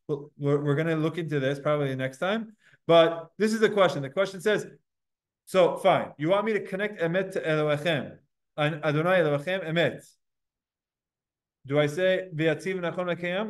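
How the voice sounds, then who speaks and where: A man's voice: fairly high pitch, fairly bright tone. A man teaching a Talmud class, explaining step by step in a casual way and posing and answering his own questions. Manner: casual, conversational with students.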